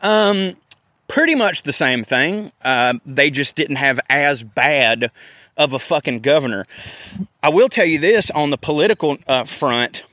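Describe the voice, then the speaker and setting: A man's voice: on the high side, lively intonation, a little slow, sharp tone, no echo, studio quality. A man, ranting casually and profanely as a host, and putting on voices for the people he quotes. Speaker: podcast host. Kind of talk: casual rant.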